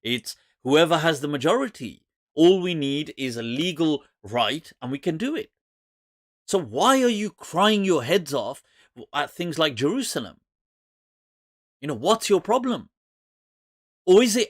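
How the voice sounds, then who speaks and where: Animated, mocking male scholar. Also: fairly high pitch, a little slow, long pauses, no room sound, clean studio sound. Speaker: Islamic scholar hosting a Q&A. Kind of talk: live-streamed lecture.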